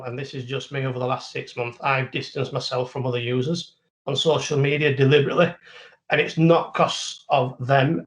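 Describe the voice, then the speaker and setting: A man with a Yorkshire accent, a plumber guest on a podcast, speaking in a reflective, plain-spoken way. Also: mid-range voice. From Yorkshire, England. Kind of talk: casual podcast chat.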